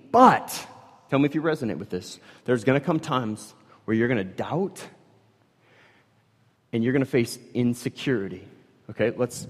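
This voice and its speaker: A man preaching a sermon, swinging from loud emphatic bursts to hushed, low passages. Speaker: pastor. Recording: reverberant hall.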